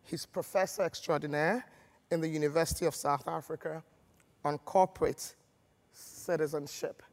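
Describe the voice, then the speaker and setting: Formal moderator in a reverberant hall. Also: male voice, on the high side. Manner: formal, reading out credentials. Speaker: conference moderator. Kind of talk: formal introduction.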